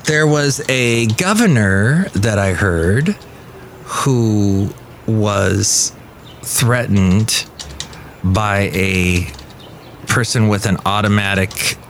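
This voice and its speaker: A man's voice: fairly low pitch, animated, slow, a bit bright, a little hiss or hum. A man hosting a podcast, chatting casually through the news and wandering off on tangents. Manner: rambling, tangent-prone, self-correcting. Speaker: podcast host.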